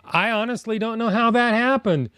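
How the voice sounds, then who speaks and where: A man's voice: high-pitched, moderate pace, pushed and bright, clear, resonant tone. A man hosting a live stream, chatting casually with viewers and muttering to himself while fixing his audio.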